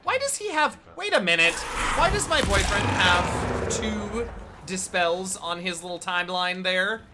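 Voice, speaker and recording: A woman streaming a game, chatting casually and breaking into excited exclamations and laughter. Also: mid-range voice, a little slow. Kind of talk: casual live-stream commentary. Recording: loud background noise.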